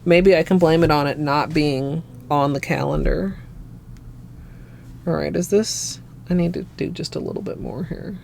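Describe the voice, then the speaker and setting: A woman from Minnesota with a Minnesotan accent, chatting softly and rambling to her livestream chat. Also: low-pitched, normal speed, gravelly, slight background noise. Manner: soft-spoken and rambling, talking to chat. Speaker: nail art streamer.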